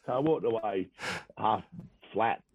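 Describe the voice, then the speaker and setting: A low-voiced Australian man with a gravelly, husky edge tells his footy stories in a loose, laughing ramble full of fillers. The sound is tinny and phone-like, as if heard over the radio, with a dry, close feel. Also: unhurried. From Western Australia. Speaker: guest, former footballer. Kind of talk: casual storytelling interview.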